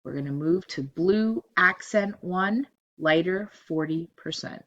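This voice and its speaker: Woman calmly walking through a spreadsheet tutorial. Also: fairly low pitch, measured pace, dull audio. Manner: steady step-by-step instruction, repeating cell ranges. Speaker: teacher. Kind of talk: screen-recorded software tutorial.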